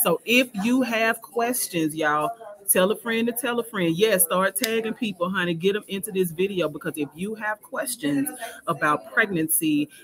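A woman's voice: mid-range voice, normal speed, poor audio. A woman hosts a live event broadcast from a public library, full of hype and calling out to her viewers. Her voice sits at a middle height. People talk in the background. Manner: lively, hyped, talks to viewers directly. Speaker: host. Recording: crowd chatter behind.

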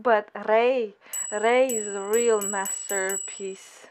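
A young woman gushing and squealing through an excited reaction vlog, full of giggles and fangirl exclamations. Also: sits high, a little slow. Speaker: anime vlogger.

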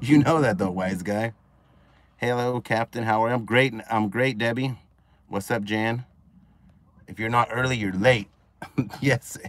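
A man's voice: mid-range voice, unhurried, long pauses, dry recording. Upbeat man hosting a live stream outdoors. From California. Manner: upbeat, greets viewers by name one after another. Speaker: livestream host. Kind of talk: casual live stream chat reading viewer comments. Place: outdoors at a marina at sunset.

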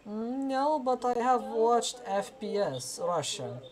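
A man hosting a casual chat, opening with a lively, playful intro and then asking teasing questions. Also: very high-pitched, slow, crowd noise. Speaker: host.

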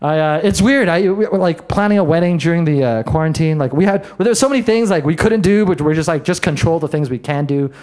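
A man doing a stand-up set in a comedy bar, brash and self-mocking, with quick asides to the crowd. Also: a little high, darkish tone. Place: comedy bar in front of a live audience.

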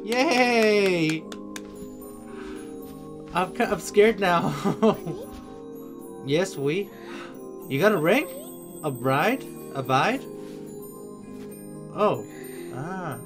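Lively, unhurried reaction host over music. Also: mid-range voice. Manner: excitable, quick to exclaim and gasp. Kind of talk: casual reaction commentary. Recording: clear background music. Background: clear background music.

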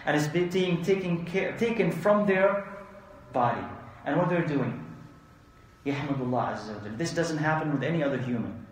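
Man teaching in a very echoey room. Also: on the high side. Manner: reads Arabic quickly then explains in English, asks rhetorical questions. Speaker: Islamic teacher. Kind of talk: religious lesson explaining hadith.

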